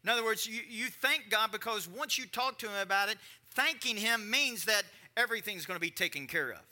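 A man preaching a conversational sermon, repeating lines and swinging between quiet and emphatic delivery. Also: high voice, brisk. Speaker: pastor.

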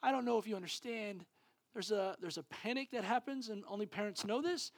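Animated high-voiced male pastor. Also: normal speed, no echo, clean studio sound. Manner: animated storytelling, acting out dialogue loudly; casual, slangy preaching with fillers. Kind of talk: sermon.

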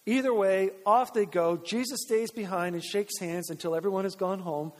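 With a high voice and a moderate pace, a Canadian pastor delivers a chatty sermon in a church sanctuary, joking on the side and acting out dialogue. Church-hall reverb colors the audio.

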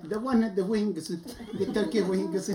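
Older Italian-accented guest, high-pitched, jokey, at a loud family gathering. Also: male voice, a little slow. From Italy. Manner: joking, broken English mixed with Italian. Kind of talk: casual podcast chat. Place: family home with a crowd of relatives. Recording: noisy family crowd behind.

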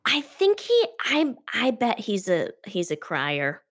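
A woman's voice: on the high side, huge pitch swings, takes it slowly. A woman in casual podcast chat, agreeable and giggly.

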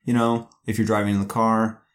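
A man's voice: on the low side, little pitch movement, brisk. A man co-hosting a movie podcast, talking in a playful, chatty way with lots of fillers and restarts. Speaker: podcast co-host. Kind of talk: casual podcast chat.

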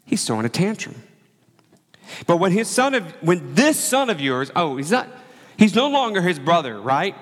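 A man's voice: a little high, wildly swooping pitch, normal speed. Guy preaching a sermon, chatty, acts out the quotes, big echoey church hall. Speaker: pastor.

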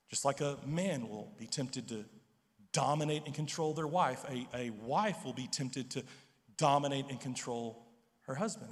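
A man's voice: fairly high pitch, fairly bright tone, in a large hall. A pastor preaching an earnest sermon in a church, often repeating words as he starts a thought. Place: church sanctuary.

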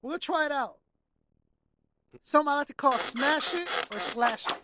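A woman's voice: sits high, moderate pace, very noisy. A woman hosting a casual interview, teasing her guest with slang and often laughing. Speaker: podcast host.

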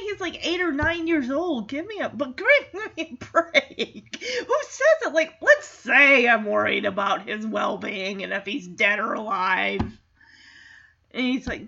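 A woman's voice: on the high side, animated, unhurried, gravelly, sharp tone, muffled recording. A woman giving a casual, chatty movie recap, reacting as she goes and leaning on "like" a lot. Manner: chatty, reactive, heavy use of "like".

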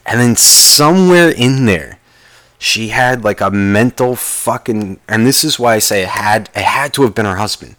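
A man's voice: lowish voice, expressive, normal speed, fairly bright tone. A man telling a rambling comic story, swearing constantly and interrupting himself. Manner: profane, rambling, self-interrupting. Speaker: vlogger.

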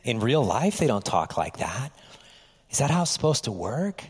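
A male pastor giving a lively, conversational sermon, often dropping to quiet asides. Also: mid-range voice, moderate pace, husky, big-room sound.

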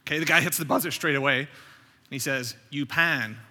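A man with a very bright, fairly high voice gives a sermon as a visiting preacher. He talks in a chatty, storytelling way and often repeats his words as he goes. His voice rings out with a long reverb through the church sanctuary. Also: fairly even intonation, quick pace. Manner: conversational, anecdotal, repeats words. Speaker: guest preacher.

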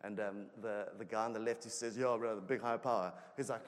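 A man preaching a sermon in a conversational way, growing animated as he tells a personal story. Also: lowish voice, quick pace, few pauses. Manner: conversational, animated when telling stories. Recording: long hall reverb.

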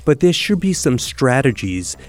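Man, education expert, radio guest, calm, advisory, affirming. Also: medium pitch, normal speed. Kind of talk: radio interview. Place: radio studio.

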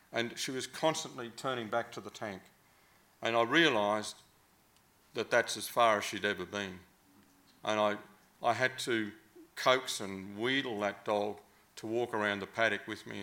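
Australian man, slightly low voice, rambling casual storytelling, hesitant fillers. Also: sharp tone.

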